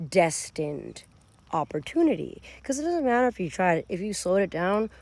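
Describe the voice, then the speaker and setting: A woman gives a casual tarot reading with a gravelly edge to her voice. Her pitch swoops up and down as she speaks to her viewers directly. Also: moderate pace, a little hiss or hum. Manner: animated, addresses viewers directly. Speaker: tarot reader.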